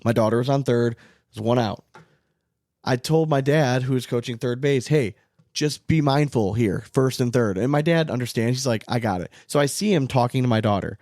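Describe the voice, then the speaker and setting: A man's voice: mid-range voice, brisk, darkish tone, no room sound, clean studio sound. A man in his thirties, a podcast co-host, telling a long story in a rambling, casual way with lots of "like". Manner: rambling storyteller, heavy use of "like". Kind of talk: casual chat.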